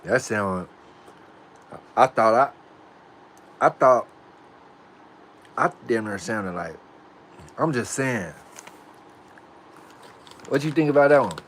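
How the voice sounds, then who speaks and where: A man's voice: medium pitch, lively intonation, slow pace, pauses often, a bit bright, slight background noise. A man casually chatting on a livestream, laid-back and using street slang as he practices pronouncing words aloud. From United States. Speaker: livestream host.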